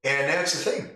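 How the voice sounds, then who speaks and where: A man's voice: fairly high pitch, bright, forceful tone. A man hosting a podcast as a dungeon master, talking casually and bluntly, firing off emphatic rhetorical questions. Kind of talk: casual opinion monologue. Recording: very echoey room, distant mic, faint music.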